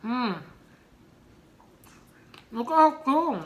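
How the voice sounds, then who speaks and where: A woman's voice: sits high, very slow. A woman vlogger chatting casually and laughing easily while she eats and reads viewer stories. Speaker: mukbang vlogger. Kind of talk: casual chat while eating.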